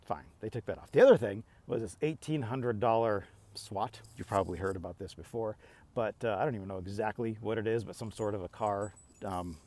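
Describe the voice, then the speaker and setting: A man's voice: fairly low pitch, brisk, a little mellow. Exasperated middle-aged man venting. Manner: exasperated, rambling, lots of restarts and quoted back-and-forth. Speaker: vlogger. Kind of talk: casual talking-to-camera rant.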